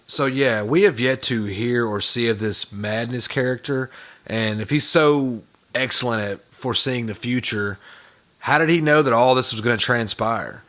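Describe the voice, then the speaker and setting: A man's voice: mid-range voice, moderate pace, a bit bright. A man hosting a reaction video, giving sarcastic, profane commentary on clips. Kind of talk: mocking commentary over clips.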